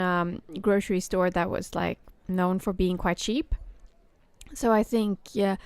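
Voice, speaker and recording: A woman chatting casually about work, stopping and restarting often with plenty of fillers. Her voice is smooth and clear at a middle pitch. The sound is dry and close. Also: dry recording. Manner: halting, many fillers and restarts. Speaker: podcast host. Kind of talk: casual chat.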